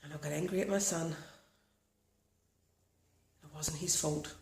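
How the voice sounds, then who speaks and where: An earnest woman from Australia guides a tapping session, repeating simple affirmations as she goes. Her voice sits a little low. The room around her is echoey. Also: fairly even intonation, unhurried, gravelly, darkish tone. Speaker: tapping practitioner.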